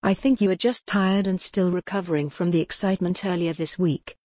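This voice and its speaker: A woman doing a calm, controlling young man. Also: high voice, fairly quick, no room sound. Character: calm, smooth young man leading a cult.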